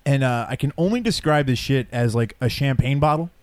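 A man's voice: mid-range voice, lively intonation, a little fast, dry recording. A man co-hosting a casual podcast, telling a crude story with frequent laughs. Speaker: podcast co-host. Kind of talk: casual chat.

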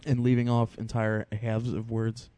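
A man's voice: mid-range voice, monotone, normal speed, dark tone, dry recording. A man co-hosting a casual podcast chat, cutting in with dry wisecracks. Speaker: podcast co-host.

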